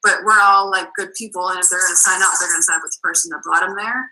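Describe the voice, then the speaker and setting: A woman's voice: on the low side, fairly even intonation, fast talker, bright, forceful tone, faint music behind, low-quality recording. A woman with a Boston accent, chatting casually as a guest coach on a team call, full of "like" and "um".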